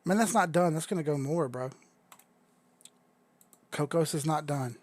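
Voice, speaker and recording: A young adult man hosting a casual crypto livestream, chatty and excitable, swearing freely as he talks viewers through charts. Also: on the high side, measured pace, dry recording.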